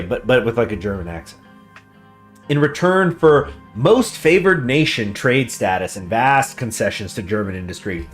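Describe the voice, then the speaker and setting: A man hosting a strategy game let's play, reading game text aloud in a chatty way and stumbling over foreign names. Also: medium pitch. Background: faint guitar music.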